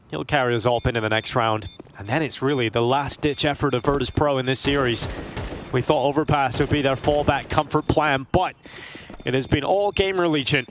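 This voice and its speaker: Guy doing play-by-play for esports, mid pitch, gets loud and high when stuff happens, bit of hiss behind. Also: moderate pace. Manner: rises sharply in pitch and volume at big plays. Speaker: esports commentator. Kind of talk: play-by-play commentary.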